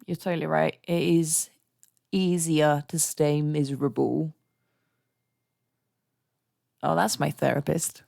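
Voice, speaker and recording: A woman's voice: low voice, fairly even intonation, normal speed, vocal fry, darkish tone, no room sound, studio quality. A young woman streaming live, chatting candidly and ranting with frequent laughter. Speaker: songwriting livestreamer. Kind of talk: casual livestream chat.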